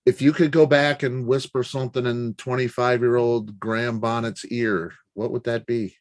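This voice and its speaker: A man's voice: mid-range voice, level tone, moderate pace, no echo. A man hosting an interview, asking questions casually and backing the guest with frequent short agreements. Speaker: interview host.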